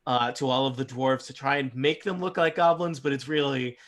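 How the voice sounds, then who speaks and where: Man, game master, medium pitch, casual rambling narration, lots of fillers. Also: steady tone, fairly quick, fairly bright tone.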